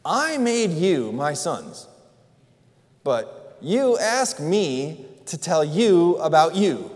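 Stern commanding God voiced by a male preacher; slow, emphatic rebuke; echoing hall. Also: on the high side. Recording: long hall reverb.

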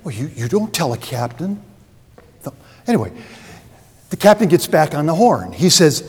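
A man's voice: on the high side, very animated, moderate pace, long pauses, a little mellow, husky. A man preaching a sermon as pastor, telling a story and acting out its dialogue. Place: church. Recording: long reverb of a large hall.

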